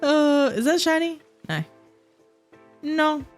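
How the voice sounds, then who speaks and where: A young woman livestreaming a game, chatting casually and thinking out loud in a rambling, easygoing way. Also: sits high, slow pace, soft background music. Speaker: streamer. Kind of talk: casual gameplay chat while livestreaming.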